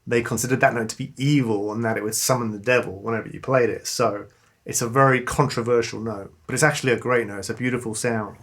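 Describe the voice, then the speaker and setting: A man giving a casual guitar lesson, relaxed and enthusiastic, pausing to play between phrases. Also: medium pitch. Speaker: guitar teacher. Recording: clean guitar loud behind. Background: guitar playing.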